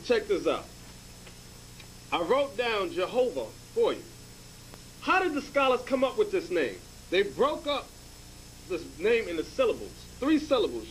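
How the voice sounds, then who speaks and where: In a high-pitched voice, a man acting as a bishop teaches scripture to a group, driving each point home emphatically. After every one he checks in with "okay?" There's slight background noise, and the audio is poor.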